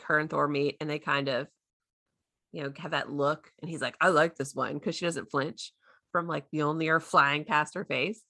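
A woman's voice: low voice, bright, forceful tone, no room sound, clean studio sound. A woman in her thirties, co-hosting a casual recap chat, chatty and laughing often as she quotes characters in silly voices. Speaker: podcast co-host recapping a show.

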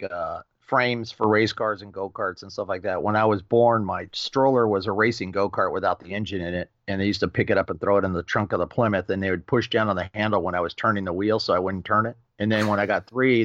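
A middle-aged man telling a racing story with lively energy, acting out quoted voices and swearing casually as a podcast guest. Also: lowish voice, fast talker, few pauses, dry recording, lo-fi sound. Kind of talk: animated storytelling.

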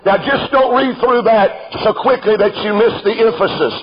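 Fervent high-voiced preacher on old radio. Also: male voice, moderate pace, dull audio. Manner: fervent, rises to shouts at peaks, addresses listeners as "friend". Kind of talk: sermon with scripture reading.

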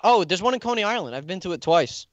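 A man hosting a comedy podcast with a lively, bouncing voice that sits a little high. He giggles and swears freely through the banter, and the audio sounds dull and lo-fi. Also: fast talker, dry recording. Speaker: podcast host.

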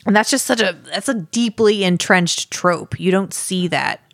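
A woman's voice: medium pitch, unhurried, no room sound, clean studio sound. A woman co-hosting a podcast, chatting casually about a book with many fillers, restarts and laughs. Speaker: podcast co-host.

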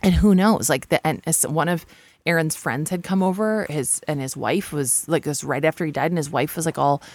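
A low, darkish female voice at normal speed, with no room sound, belongs to a guest in her forties. Her storytelling is candid and self-deprecating, laced with blunt profanity and constant fillers and restarts.

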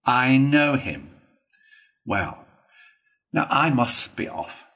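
A man's voice: mid-range voice, sing-song, drawn-out words, a bit bright, exaggerated voice, poor audio. A man reading a storybook, voicing a stern, knowing older male badger in a firm, warning manner.

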